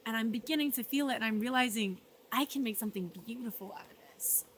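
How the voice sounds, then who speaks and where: A woman talking earnestly in a personal vlog, emotional and reflective, often dropping softly and laughing between thoughts. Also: fairly high pitch, quick pace, a little hiss or hum. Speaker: vlogger. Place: art residency.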